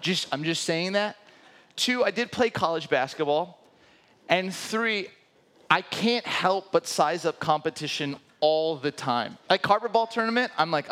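A man telling a personal story in a lively way, often laughing as he speaks. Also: high-pitched, a little slow. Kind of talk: animated storytelling talk.

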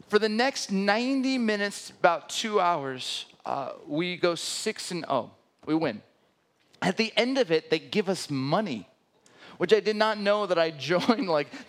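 A man telling a personal story in a lively way, often laughing as he speaks. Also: high voice, slight background noise. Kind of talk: animated storytelling talk.

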